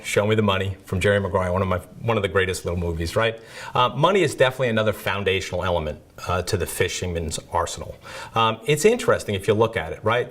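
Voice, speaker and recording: A man with a fairly low voice hosts a security awareness training episode. He talks casually and joshes at his own expense, tossing in "right?" every few sentences. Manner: conversational, self-deprecating, peppered with "right?". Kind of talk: educational video presentation.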